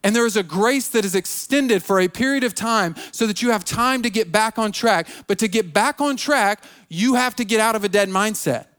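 A man preaches in a high, raised voice. He stumbles and repeats words as he goes, and he slips into the voices of people making excuses. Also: normal speed, hardly any pauses, a bit bright, clean tone. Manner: repetitive, stammering restarts, acts out quoted excuses. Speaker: pastor. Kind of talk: sermon.

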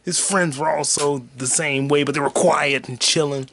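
A man hosting a podcast, ranting casually and profanely about a heckler, repeating himself and swinging between low mutters and shouts. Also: steady tone, moderate pace, noisy background. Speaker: podcast host and stand-up comic. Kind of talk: casual rant.

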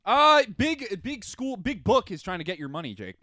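A man's voice: sits high, moderate pace, no room sound, clean studio sound. A young man in his twenties co-hosting a podcast, chatting casually and joking with lots of laughter. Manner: animated, joking, laughs often. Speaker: podcast co-host. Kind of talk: casual chat.

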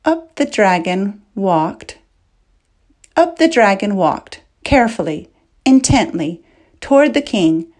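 A woman narrating a fantasy audiobook chapter with measured, dramatic storytelling. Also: medium pitch, big pitch swings, a little mellow. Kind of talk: scripted narration.

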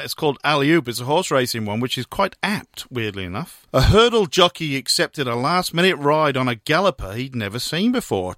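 A man hosting a sports radio show, casually chatting and reading out long jokes with animated voiced quotes. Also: medium pitch, no echo, studio quality.

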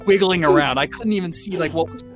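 A young man co-hosting a casual chat, telling a story in a dry, deadpan way. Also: fairly high pitch, quick pace, music in the background. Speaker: co-host.

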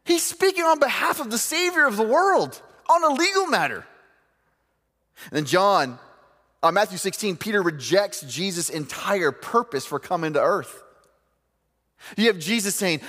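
Male preacher, humorous storyteller, lively pitch swings, long hall reverb. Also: normal speed. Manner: animated storytelling with humor and quoted voices. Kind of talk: sermon.

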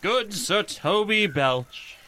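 Man doing a sly jester, slow and bright, voice bouncing around. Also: high-pitched, expressive, slight background noise, exaggerated voice. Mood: wry. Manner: playful, wry, drawn-out. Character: witty sly male court jester. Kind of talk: Elizabethan stage acting.

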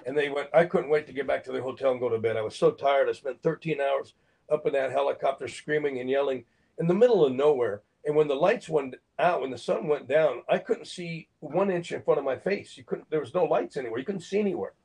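Animated older man telling stories. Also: mid-range voice, a little fast, gravelly, husky, rough recording. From Phoenix, Arizona, USA. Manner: animated, acts out quotes, laughs between lines. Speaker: actor and guest. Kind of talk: anecdotal storytelling in an interview.

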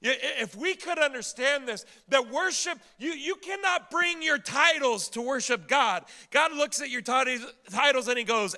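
Emphatic, bright-voiced male pastor preaching. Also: very high-pitched, animated, normal speed, hardly any pauses. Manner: emphatic preaching with rhetorical questions; repeats and restarts words when building a point. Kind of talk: sermon.

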